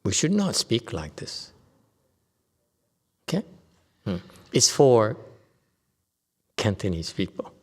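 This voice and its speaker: With a lowish voice that swings widely in pitch, he talks slowly and leaves long pauses. The Vietnamese Buddhist master gives a joking, conversational dharma lecture in a temple hall, often checking with listeners, and the hall adds a long reverb.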